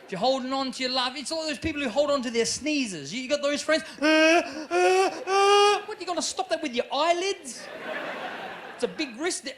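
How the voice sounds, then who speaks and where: An Australian man in his thirties doing live stand-up comedy, animated and quick to jump into loud character voices. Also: extremely high pitch, a crowd in the background. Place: comedy club stage.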